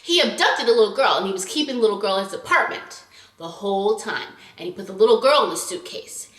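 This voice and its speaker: A young woman vlogger recapping a drama in animated, chatty casual talk, acting out scenes as she goes. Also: mid-range voice, fast talker, reverberant.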